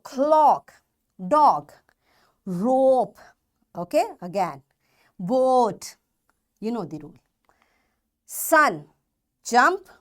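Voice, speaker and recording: A woman's voice: fairly high pitch, fairly bright tone. A woman with a Pakistani English accent teaching a recorded phonics lesson to children, patiently repeating example words and checking that they follow.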